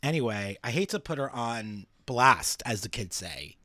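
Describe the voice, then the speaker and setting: A man co-hosts a podcast in playful, jokey chat. His pitch jumps around a lot, and his voice is mid-range. The recording is close and dry. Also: animated, normal speed, sharp tone, dry recording. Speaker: podcast co-host. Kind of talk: casual chat.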